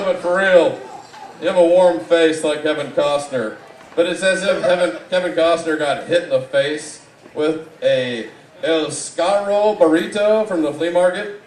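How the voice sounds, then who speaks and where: Recorded on a distant mic in an echoey live event room with audible background noise, a man with a high-leaning voice performs a stand-up roast set. His mocking delivery rambles, then shifts into loud outbursts.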